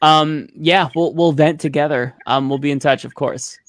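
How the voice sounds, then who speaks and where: A man's voice: fairly high pitch, steady tone, moderate pace. A man chats as a guest on a political talk show. He sounds friendly and enthusiastic and rambles a little. The recording is dry, with no room echo. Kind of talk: casual interview chat.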